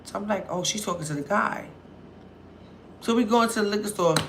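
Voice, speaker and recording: A woman vlogger with a mid-range voice talks a little fast, a slight hiss or hum in the recording. Energetic and casual, she tells her story by voicing the other characters herself and swearing liberally.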